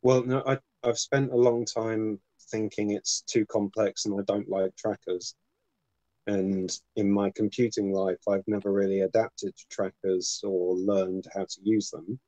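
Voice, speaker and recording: A man with a fairly low voice speaks in a relaxed, thoughtful way, dropping wry asides. His sound is dry and close, with no room around it. He talks like he is chatting with friends on a video call. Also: measured pace, no echo, rough recording. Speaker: host. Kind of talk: casual chat.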